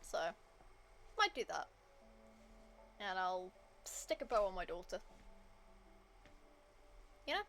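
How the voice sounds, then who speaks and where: A woman's voice: medium pitch, very animated, slow, pauses often, a bit bright, a little hiss or hum. A woman game streamer chatting casually to her viewers, rambling with lots of fillers.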